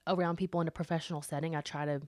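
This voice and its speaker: A woman in her thirties from Alabama, speaking with a Southern accent and chatting casually as podcast co-host, animated and quick to laugh. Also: low-pitched, no room sound, studio quality. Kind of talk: casual chat.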